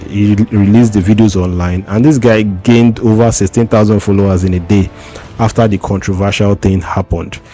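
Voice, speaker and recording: A man's voice: on the low side, steady tone, normal speed, dark tone, faint music behind. A man giving casual commentary and reading out posts in a conversational way. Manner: conversational, reads out tweets. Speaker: commentary host.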